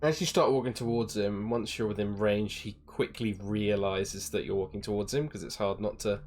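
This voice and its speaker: A man acting as dungeon master, narrating the scene and calling for rolls in a relaxed way. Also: fairly low pitch, normal speed, soft background music. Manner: relaxed, explains rules and asks for checks. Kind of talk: narrating a tabletop game.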